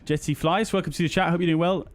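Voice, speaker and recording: Talking fast with a fairly even intonation, this British man has a voice on the high side. He's live-streaming a flight simulator, casually chatting, saying hi to each viewer, and using plenty of ums and uhs.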